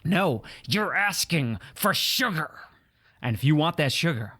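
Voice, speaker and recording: A man's voice: fairly high pitch, lively intonation, unhurried, bright, forceful tone. Guy hosting a podcast, grumpy sarcastic rant, voice swoops all over. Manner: exasperated, sarcastic. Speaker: podcast host. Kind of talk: comedic rant.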